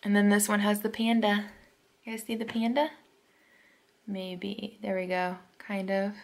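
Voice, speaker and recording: A woman chatting casually to viewers at her desk at home while unboxing planner supplies, gushing and excitable with chatty asides. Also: mid-range voice.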